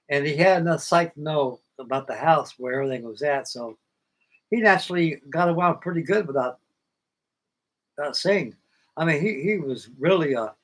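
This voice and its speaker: An older man with a fairly high-pitched voice hosts a model-building livestream, heard through a low-quality recording. He tells a long personal story in a folksy, plainspoken way, acting out old conversations.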